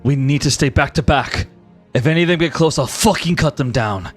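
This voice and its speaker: A man voicing a protective fighter who talks low, quick and smooth. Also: faint music behind, natural voice. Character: protective young man guarding his love.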